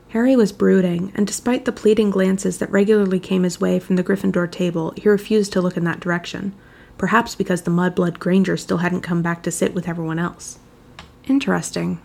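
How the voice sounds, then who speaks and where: A woman narrating a fan fiction chapter aloud, reading in an even, measured storytelling manner. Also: medium pitch, creaky.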